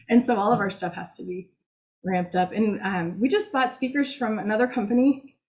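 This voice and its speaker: A woman speaks casually to a hobby club about the museum she runs. Her talk is chatty and self-mocking, and she laughs often. Her voice sits at an ordinary middle pitch. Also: normal speed, darkish tone, rough recording. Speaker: museum executive director.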